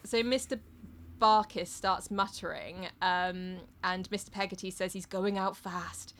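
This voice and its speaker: A woman's voice: medium pitch, steady tone, unhurried, fairly bright tone, a little hiss or hum. Chatty woman recapping a novel. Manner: chatty, swears, acts out quotes in funny voices. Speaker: podcast co-host recapping a novel. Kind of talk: casual chat.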